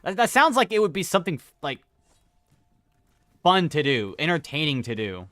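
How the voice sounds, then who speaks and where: While gaming, this young streamer tells rambling stories, self-correcting and chuckling as he goes in casual chat. His voice is a little high, very animated, bright and forceful, at a moderate pace with no echo.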